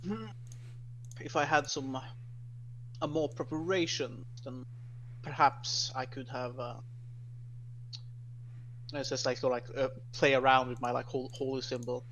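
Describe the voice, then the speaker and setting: A man voicing an earnest, scholarly male cleric in a tabletop game, speaking in formal, courtly phrases with halting restarts. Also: medium pitch, steady tone, fairly bright tone, slight background noise, poor audio. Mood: thoughtful. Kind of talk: tabletop role-play in character.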